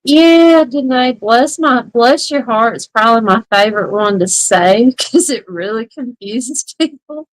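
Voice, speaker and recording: Slow-talking woman who laughs often. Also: on the high side, lively intonation, no room sound, poor audio. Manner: laughs often, drawn-out speech. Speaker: co-host. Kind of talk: casual chat.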